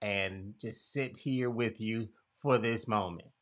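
A man's voice: fairly low pitch, slow pace. A man hosting a casual conversation, retelling a Bible story expressively and acting out quotes. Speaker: podcast host.

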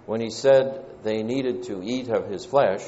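Low-voiced Southern preacher in reverberant hall. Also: male voice, mellow. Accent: Southern American. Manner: measured, pausing delivery with frequent "uh" fillers. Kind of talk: sermon. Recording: dull lo-fi church recording with long reverb.

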